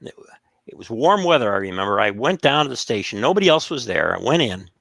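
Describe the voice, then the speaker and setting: A man's voice: mid-range voice, quick pace, vocal fry, no echo, studio quality. A man casually telling stories on a podcast, acting out the voices of the people in them. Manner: animated, acts out quoted voices. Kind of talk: casual storytelling.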